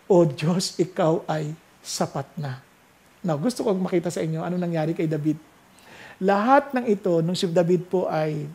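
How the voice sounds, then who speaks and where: A preacher with a Filipino accent at the pulpit, moving between Tagalog and English. The voice sits at a middle pitch, rising into loud exclamations and then dropping to a hushed, slow reading of scripture. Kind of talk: sermon mixing Tagalog and English.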